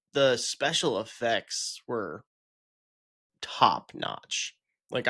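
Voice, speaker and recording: Guy cohosting a podcast, relaxed banter, laughs a lot, swears here and there. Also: mid-range voice. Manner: loose, laughing, swears freely. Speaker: podcast co-host. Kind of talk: casual podcast chat.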